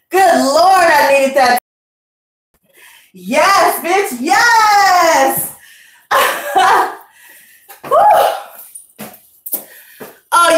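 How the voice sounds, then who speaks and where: A woman's voice: high-pitched, fairly bright tone, reverberant. A woman hosting a tarot livestream, chatting casually in a brash, profane, slangy way and out of breath.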